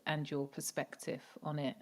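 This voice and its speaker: Low, flat-voiced woman podcast host. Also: normal speed. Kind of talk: interviewing on a podcast.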